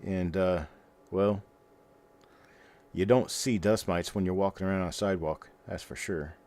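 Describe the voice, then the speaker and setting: A man's voice: sits low, normal speed, darkish tone. A middle-aged man hosting a livestream, chatting casually and rambling in a folksy way while he talks to his viewers. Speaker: host of a coin roll hunting livestream.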